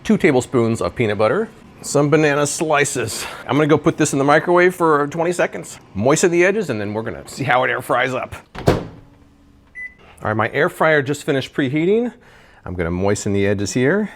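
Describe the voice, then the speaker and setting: A man's voice: fairly high pitch, lively intonation, normal speed, slight background noise. A man chatting casually in a home kitchen as he tests and reviews kitchen gadgets, thinking aloud while he cooks. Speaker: product reviewer. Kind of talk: casual cooking review vlog.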